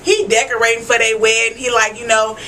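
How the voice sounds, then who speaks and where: A woman vlogger recapping a TV episode in a casual, slangy way, talking straight to her viewers with loud asides and frequent swearing. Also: on the high side, flat delivery, brisk, slight background noise, low-quality recording.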